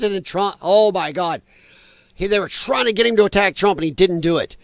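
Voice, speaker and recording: Hosting a relaxed livestream, this man talks straight to his chat in a notably high voice, fairly quick and animated, often laughing between bits. The recording is close and dry, without any room sound.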